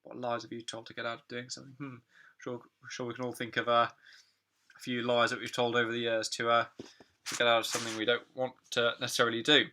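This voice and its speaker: A man teaching an online English lesson on phrasal verbs, talking in a relaxed, chatty way with many fillers and asides. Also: mid-range voice, fast.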